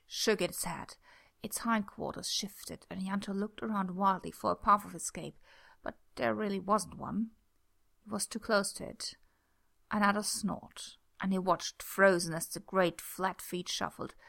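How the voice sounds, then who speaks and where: A young woman reading a story aloud in a soft voice, dropping to a near whisper in tense passages. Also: medium pitch, vocal fry. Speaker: reader. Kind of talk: reading fan fiction aloud.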